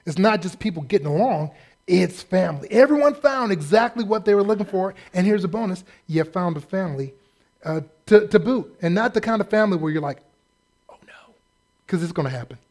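A man's voice: high voice, lively intonation, brisk, darkish tone. A man preaching a sermon as pastor, humorous and acting out the voices of the people in his stories. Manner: humorous, acts out quoted voices.

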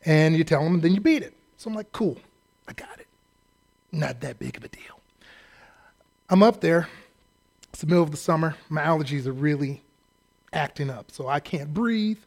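A man delivers a sermon through a funny personal story, with a voice that sits a little high for a man. He pokes fun at himself and bursts into shouted impressions of drill staff. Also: expressive, normal speed, long pauses. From California, US. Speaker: preacher.

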